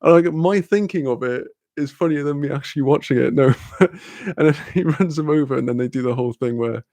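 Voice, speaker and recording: A man's voice: fairly high pitch, a little fast, a little mellow, no room sound. A British man hosting a casual live-stream chat, rambling, swearing freely and laughing often as he reads viewer comments.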